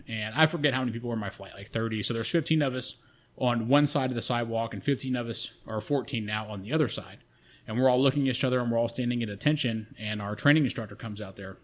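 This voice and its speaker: Profane man telling a rambling story. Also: medium pitch. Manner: profane, rambling, frequent restarts. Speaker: podcast co-host. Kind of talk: casual storytelling.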